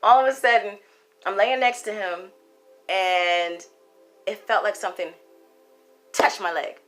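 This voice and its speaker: Storyteller vlogger: young woman, crisp bright tone, emphatic and casual, swears freely. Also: medium pitch, a little slow, faint music behind. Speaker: tarot card reader.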